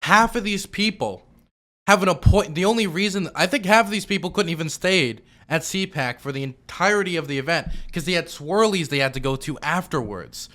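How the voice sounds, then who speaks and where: A man's voice: a little high, lively intonation, brisk, a bit bright. A man giving casual, sarcastic reaction commentary as a streamer, rambling with lots of fillers.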